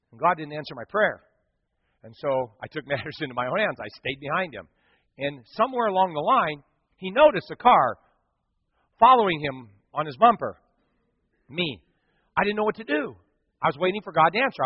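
A middle-aged man preaching a sermon, telling stories and swinging from hushed to loud. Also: a little high, husky. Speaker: pastor. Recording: dull sound with long hall reverb.

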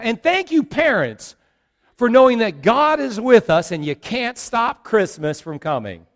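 A middle-aged man preaching a sermon as pastor, acting out the people in the story as he retells it. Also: high voice. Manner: animated, acts out quoted characters.

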